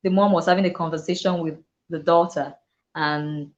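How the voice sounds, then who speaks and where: A woman's voice: deep voice, steady tone, normal speed, dull audio. A woman teacher and dyslexia coach giving an earnest motivational talk to other teachers, often acting out what children and teachers say. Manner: earnest, acts out quoted voices, laughs often.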